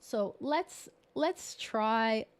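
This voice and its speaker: A woman's voice: on the high side, animated, drawn-out words. A bilingual woman presenting a live online workshop over a video call, talking in a chatty, encouraging way and laughing at herself. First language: bilingual English and Spanish.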